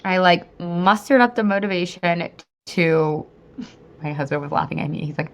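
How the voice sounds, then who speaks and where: A woman in her thirties hosts a casual podcast monologue as a weight-loss coach. Her voice sits a little low for a woman, and she talks in a chatty, animated way, swearing freely and laughing often. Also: moderate pace.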